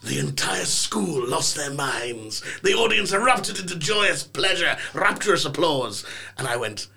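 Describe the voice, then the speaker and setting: Husky and a little high, this young English podcast guest tells his stories at a measured pace. The chat is casual, and his delivery is animated and theatrical, full of playful character voices.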